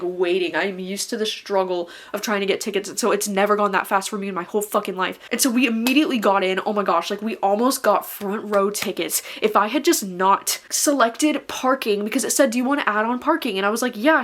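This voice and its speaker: A young woman talking casually to camera as a vlogger, chatty, swearing freely and saying "like" constantly. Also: medium pitch. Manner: chatty, swears a lot, many filler "likes".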